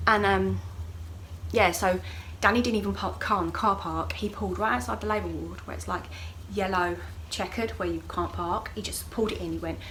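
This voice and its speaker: A young woman recounts a personal story for her vlog, relaxed and chatty. She throws herself into the quoted lines, jumping high and loud whenever she voices someone. A light background hiss sits under her mid-pitched voice. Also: a little fast, rough recording. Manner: animated, acts out voices of others with sharp jumps in pitch and loudness. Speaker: vlogger. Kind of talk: casual storytelling to camera.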